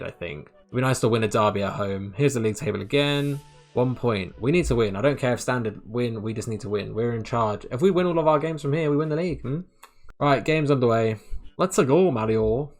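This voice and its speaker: A man giving casual, excitable commentary on a football management game, chatty and laughing often, sometimes tripping over his words. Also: on the low side, vocal fry. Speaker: gaming YouTuber.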